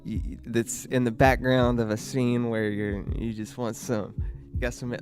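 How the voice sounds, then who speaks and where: A man's voice: medium pitch, little pitch movement, a little slow, a little mellow, faint music behind. A man co-hosting a podcast in casual chat, easygoing, with short agreeing replies. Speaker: podcast co-host.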